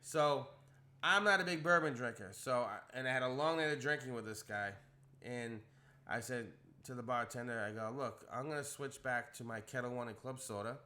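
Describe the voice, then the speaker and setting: Young male co-host, bright tone, mid pitch; animated storyteller who acts out every quote. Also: moderate pace. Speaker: podcast co-host telling a story. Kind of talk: casual storytelling chat.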